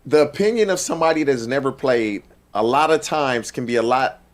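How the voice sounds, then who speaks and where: A man who played pro sports, speaking in a measured, thoughtful way on a talk panel. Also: mid-range voice.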